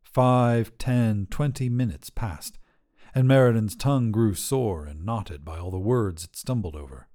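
A man narrating a fantasy short story in a measured, dry way. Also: on the low side, mellow.

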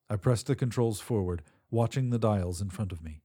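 A man's voice: lowish voice, moderate pace, hardly any pauses, dark tone, no echo, studio quality. A man reading a first-person sci-fi story aloud as scripted narration, in a tense and dramatic manner.

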